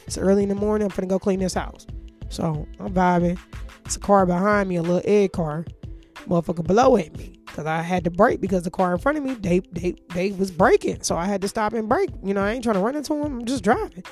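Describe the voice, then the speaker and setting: A woman's voice: medium pitch, fast talker, darkish tone, faint music behind. A woman telling a story in casual, profanity-heavy speech.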